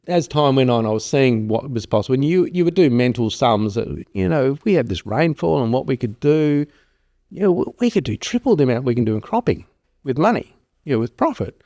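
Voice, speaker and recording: Speaking briskly in a medium-pitched voice, a middle-aged man being interviewed as a farm consultant rambles casually through stories. He's an animated storyteller who performs the quoted voices.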